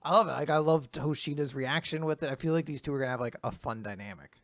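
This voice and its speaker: A man's voice: fairly high pitch, quick pace, dry recording. A man co-hosting a podcast, enthusiastically and casually praising a manga chapter. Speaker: podcast co-host. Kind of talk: casual chat.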